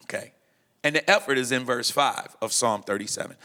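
A man's voice: mid-range voice, brisk, gravelly, sharp tone. A middle-aged man, a pastor, talking emphatically in a preaching style and quoting scripture. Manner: emphatic, quotes scripture, repeats phrases.

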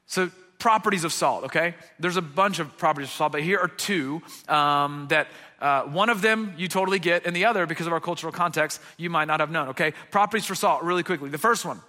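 A man with a slightly high voice and sharp tone preaches a sermon as a pastor, talking fairly quickly with hardly any pauses. His earnest, conversational preaching is full of "okay?" check-ins with listeners, and a long reverb tail trails his words.

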